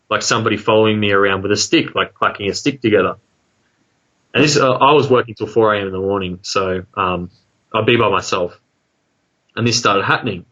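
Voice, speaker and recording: A man's voice: lowish voice, highs cut off. Australian man telling a rambling story. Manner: rambling, many fillers, quick voiced asides in excitement. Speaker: guest telling an encounter story. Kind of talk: casual storytelling.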